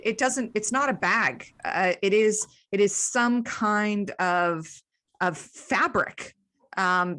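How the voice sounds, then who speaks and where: A woman runs a tabletop game over a video call, narrating what the players find. She talks with frequent ums and restarts, at a middling pitch. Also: pushed and bright. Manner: hesitant, many restarts and ums. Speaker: game master.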